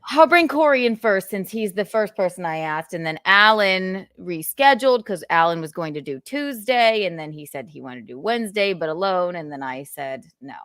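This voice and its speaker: A woman hosts a loose, casual chat in a low-set but bright, sharp voice. Her pitch swings all over as she rambles and jokes. The sound is dry and close, with no room in it. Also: normal speed, hardly any pauses, no echo. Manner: animated, rambling, joking. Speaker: livestream host.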